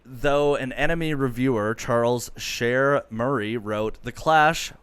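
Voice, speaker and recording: A man's voice: mid-range voice, measured pace, fairly bright tone, clean tone, no room sound. A man hosting a comedy podcast in casual chat, telling stories loosely with many fillers.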